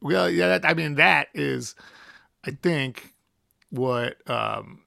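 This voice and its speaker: A man's voice: mid-range voice, animated, slow pace, gravelly, sharp tone, dry recording, studio quality. A young adult man, a guest musician, telling a rambling story with lots of fillers and laughs. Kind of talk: casual anecdote telling.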